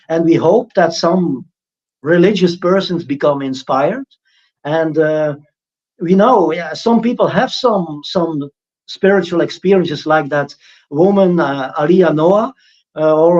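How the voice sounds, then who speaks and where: Man, loose spiritual talk, rambling restarts, slightly high voice, dull lo-fi sound. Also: darkish tone. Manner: rambling, frequent restarts, mocking impressions of critics. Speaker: spiritual teacher. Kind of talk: informal spiritual talk on a livestream.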